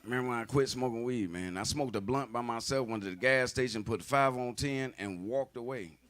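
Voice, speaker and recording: A man's voice: mid-range voice, fairly quick, a bit bright. A man doing a stand-up comedy set, telling stories in a loose, profane, conversational way.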